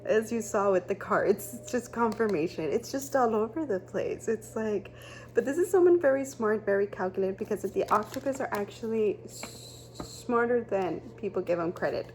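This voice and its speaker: A woman's voice: medium pitch, lively intonation, normal speed, darkish tone, a little hiss or hum. A woman giving a casual tarot reading, rambling and chatty with many fillers and restarts. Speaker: tarot reader.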